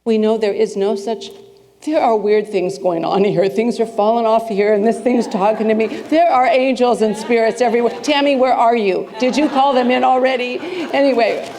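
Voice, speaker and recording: A woman's voice: a little high, steady tone, normal speed, darkish tone. A woman minister preaching a conversational sermon, chatty and playful, asking the congregation questions. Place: spiritual center sanctuary with a congregation. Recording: reverberant hall.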